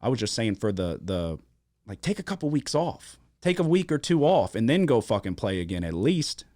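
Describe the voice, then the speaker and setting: Casual podcast host from Louisiana, fairly low voice, dry studio sound, swears freely, animated storyteller. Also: male voice, moderate pace, no echo. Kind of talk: casual sports-betting podcast chat.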